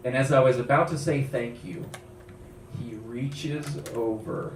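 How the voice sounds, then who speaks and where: A young adult man doing an animated stand-up comedy set in a club lounge, switching between voices as he tells his stories. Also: medium pitch. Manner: animated storytelling, quick voice switches. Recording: echoey club from far off, noisy.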